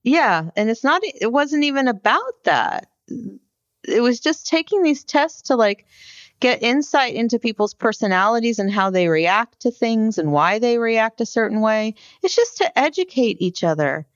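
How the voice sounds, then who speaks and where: Woman podcast co-host, reactive and opinionated, animated voice, dry, dull-sounding recording. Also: a little high, moderate pace, dry recording. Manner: reactive, agreeing listener with opinions. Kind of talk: casual chat.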